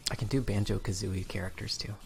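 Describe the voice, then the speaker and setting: A man chatting casually on a live stream, rambling and breaking off his own sentences. His voice is gravelly with fry and his throat sounds slightly stiff. Faint music plays behind him. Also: lowish voice, steady tone, fast talker. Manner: rambling, self-interrupting, reads docs aloud. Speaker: streamer and game developer.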